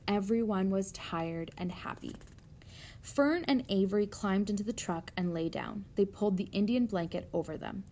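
Woman reading a storybook gently. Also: mid-range voice, a little hiss or hum. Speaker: narrator. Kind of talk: reading a children's novel aloud.

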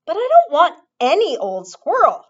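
A woman voicing a spoiled, demanding little girl who whines and shouts. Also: very high voice, wildly swooping pitch, moderate pace, voice pushed up, exaggerated voice. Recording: dull lo-fi recording.

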